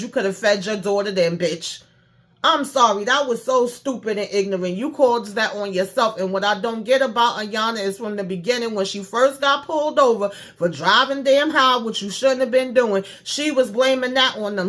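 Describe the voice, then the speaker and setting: A woman with a somewhat high, slightly bright voice recaps a reality show for her channel. Speaking straight to her viewers, she delivers a blunt, exasperated, profane rant in the style of a casual review.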